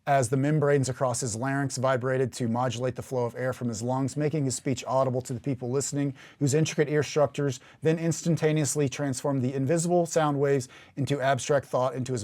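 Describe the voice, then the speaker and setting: A man hosts a casual Bible teaching podcast in a chatty, animated way. He slows down into measured, dramatic readings when he quotes scripture. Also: mid-range voice. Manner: chatty and animated, bursts of laughter and emphatic rises.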